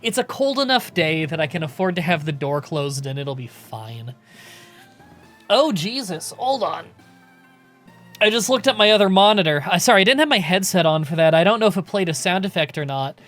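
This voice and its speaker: A man's voice: high voice, big pitch swings, normal speed, a bit bright, soft background music. A man live-streaming a game, chatting casually with his viewers and swearing freely.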